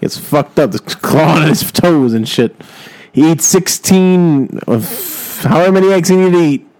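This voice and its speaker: A man's voice: a little high, measured pace, darkish tone, poor audio. A young man improvising a rambling, profane comedy story and laughing along as he tells it.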